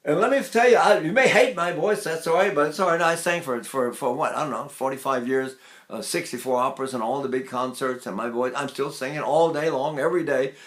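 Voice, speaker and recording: A man's voice: fairly high pitch, brisk, roomy sound. A man in his eighties teaching vocal technique, breaking into sung syllables to demonstrate. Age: 80s.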